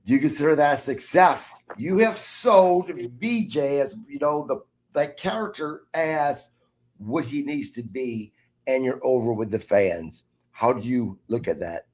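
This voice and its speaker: A man's voice: medium pitch, a little slow, a little mellow. A man hosting a wrestling podcast, asking thoughtful interview questions between short agreeing replies. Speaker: podcast host.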